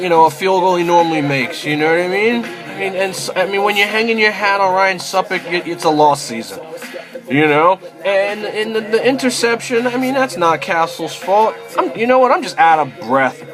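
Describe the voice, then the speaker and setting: A man's voice: high-pitched, normal speed, music in the background. A man giving a casual, rambling rant as a football fan, exasperated and swearing, with lots of fillers like "you know" and "man".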